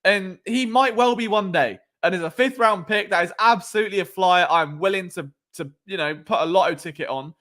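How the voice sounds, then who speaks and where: Talking briskly with hardly any pauses, this late-twenties sports podcast host has a high, sharp voice as he chats through viewer comments on a casual nighttime stream from home. He jokes around, keeps stumbling over names, and has noisy neighbours upstairs.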